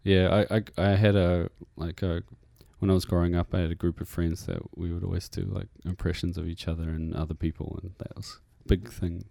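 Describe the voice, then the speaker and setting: A man's voice: deep voice, little pitch movement, fairly quick, creaky, few pauses, dark tone, no room sound, studio quality. A man with a New Zealand accent, a musician guest rambling through an interview with many fillers and restarts. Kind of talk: casual interview chat. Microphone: radio studio mic.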